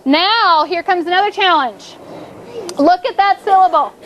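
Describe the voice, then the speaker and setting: A woman teacher with a very high voice leads a phonics drill in a classroom. She draws out her questions and repeats the cues while the children think. A faint hiss of classroom noise sits under her voice. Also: fairly bright tone, highs cut off. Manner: coaxing, drawn-out prompts with repeated cues. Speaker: fourth grade teacher.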